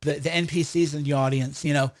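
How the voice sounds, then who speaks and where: A man's voice: on the high side, fairly even intonation, fairly quick. A man hosting a livestream commentary, combative and full of rhetorical questions and restarts. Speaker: commentator and host of his own stream.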